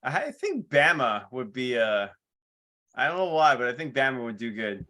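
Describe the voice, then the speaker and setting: A man's voice: medium pitch, sing-song, moderate pace, bright, forceful tone. A man with a New York accent joking and laughing his way through a casual podcast chat as co-host. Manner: jokey, laughs often.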